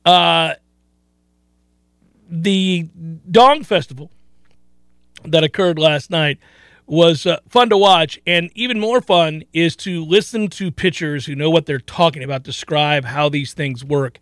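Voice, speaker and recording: A man hosting a sports radio show in a studio, telling stories in animated, exclaiming bursts. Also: on the high side, slow, no room sound. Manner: animated storytelling, rising to loud exclaiming. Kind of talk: casual sports radio chat. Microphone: studio mic.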